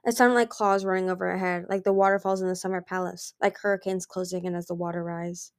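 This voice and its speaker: Brief: woman reader, soft storybook narration, dry close mic. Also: fairly low pitch, little pitch movement, fast talker, no echo. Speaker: audiobook reader.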